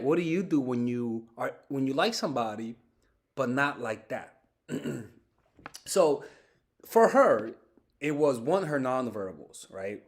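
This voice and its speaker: Animated man giving dating advice. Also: fairly high pitch. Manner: animated, swears often, repeats and restarts words. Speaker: dating coach. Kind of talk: casual advice monologue.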